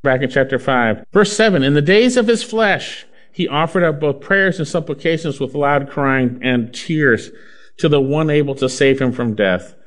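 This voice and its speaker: An earnest male preacher delivering a sermon at a mid-range pitch. He reads scripture aloud, lifting some phrases with emphasis and slowing others down to a hushed, deliberate pace. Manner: earnest, swings between loud emphasis and slow hushed phrases.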